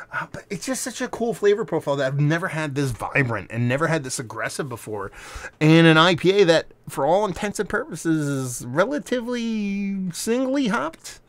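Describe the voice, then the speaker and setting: A man reviewing a beer on camera in a casual, rambling way, swearing now and then. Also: mid-range voice. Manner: animated, rambling, swears freely.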